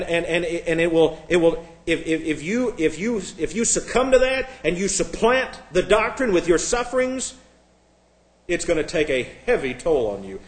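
Male pastor, fervent sermon delivery, slightly high voice, restarts and repeats, echoing room. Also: darkish tone. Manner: fervent, emphatic, frequent restarts and repeated words. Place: church, at a pulpit.

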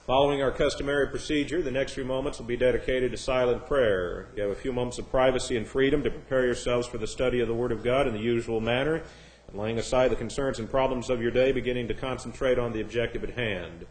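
A man teaching an evening Bible class, leading prayer in a formal, measured way. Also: medium pitch, fairly even intonation, poor audio. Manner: formal, measured, slips into mild joke voices.

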